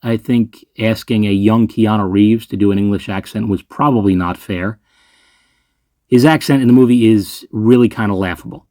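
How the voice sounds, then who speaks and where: A man's voice: lowish voice, steady tone, moderate pace, dark tone, no room sound, studio quality. A man hosting his own movie ranking video, talking in a sarcastic, ranting way and swearing freely. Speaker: movie reviewer host. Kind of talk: ranking list commentary.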